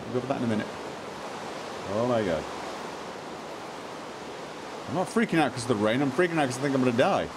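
A man streaming live gameplay, muttering to himself, repeating lines and breaking into excited outbursts. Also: medium pitch, background noise.

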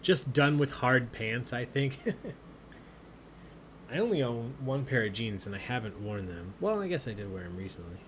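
A man's voice: mid-range voice, expressive, normal speed, fairly bright tone, slight background noise. A man hosting an online trivia game, reading out questions and answers in a jokey, chatty way. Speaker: trivia host. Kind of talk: live-streamed trivia hosting.

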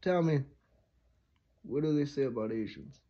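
A man's voice: mid-range voice, lively intonation, normal speed, mellow. A man voicing an amused female college teacher who teases her student, on a dull lo-fi recording. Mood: teasing.

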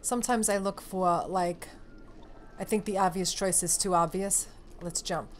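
A woman giving casual commentary on a horror game she is playing at home, excitable and talking straight to her viewers with plenty of swearing. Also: lowish voice, unhurried, slight background noise. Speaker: let's play gamer. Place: home room. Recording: game music behind voice.

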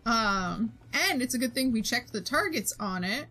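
A woman's voice: a little high, lively intonation, moderate pace, sharp tone. A young woman streamer chatting casually while she draws, recapping her tabletop game as game master in a rambling way full of fillers and laughs. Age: young adult.

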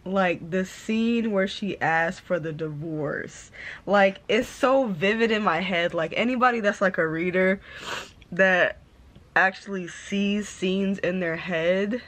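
A woman's voice: medium pitch, takes it slowly, fairly bright tone. A young woman vlogger, crying as she talks to camera and repeating herself. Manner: tearful, emotional, repeats herself. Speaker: book vlogger. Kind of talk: casual vlog talk to camera.

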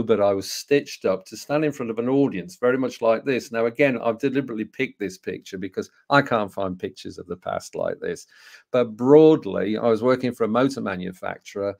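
A man in his sixties from England with a Birmingham accent, telling a personal story to an audience, full of rhetorical questions and halting restarts. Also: on the low side. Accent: Birmingham English. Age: 60s. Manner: anecdotal, rhetorical questions, frequent hesitations and restarts. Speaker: speaker and co-author.

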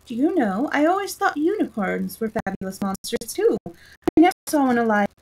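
A woman's voice: fairly high pitch, sing-song, moderate pace, a little mellow, recorded from a distance, a little hiss or hum, poor audio. A woman voicing a polite, earnest young girl in a storybook reading. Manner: earnest, puzzled.

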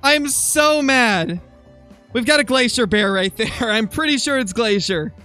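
A young man commentating his hunting game live on stream, excitable and quick to swing into loud frustration. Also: extremely high pitch, soft background music. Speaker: gaming streamer.

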